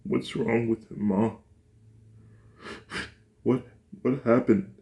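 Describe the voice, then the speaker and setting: A man's voice: mid-range voice, fairly even intonation, slow pace, dark tone, dull audio, pitched above the performer's own voice. Distraught small boy, put on by a man. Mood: tearful, scared. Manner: choked, sobbing questions. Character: frightened tearful young boy.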